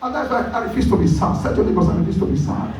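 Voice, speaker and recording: A man preaching a lively sermon as pastor, calling out to the congregation and laughing often. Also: sits high, very fast. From Nigeria. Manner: animated preaching with call-and-response and frequent laughter. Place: church hall. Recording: echoey church hall, mic far off.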